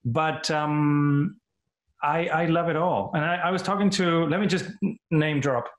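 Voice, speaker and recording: A man's voice: fairly high pitch, steady tone, unhurried, reverberant. A man from Argentina being interviewed as an actor guest, chatting casually and animatedly, laughing often and restarting his phrases.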